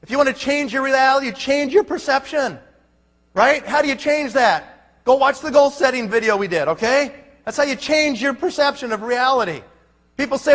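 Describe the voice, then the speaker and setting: A man's voice: extremely high pitch, moderate pace, fairly bright tone. Folksy male motivational speaker in a hall. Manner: folksy, punchy, asks the crowd rhetorical questions. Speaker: network marketing leader. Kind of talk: motivational speech to a live audience. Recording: long hall reverb.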